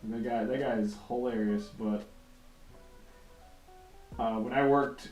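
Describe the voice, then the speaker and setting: A man's voice: medium pitch, steady tone, unhurried, a little mellow. Laid-back, rambling male streamer, roomy sound. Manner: laid-back, rambling, profane, laughs often. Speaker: comic artist livestreaming while drawing. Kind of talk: casual chat. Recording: roomy echo, faint music behind.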